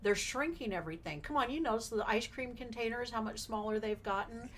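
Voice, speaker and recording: A woman's voice: on the high side, brisk, fairly bright tone, a little hiss or hum. A woman co-hosting a podcast, reading out strange news stories and chatting casually. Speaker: podcast co-host.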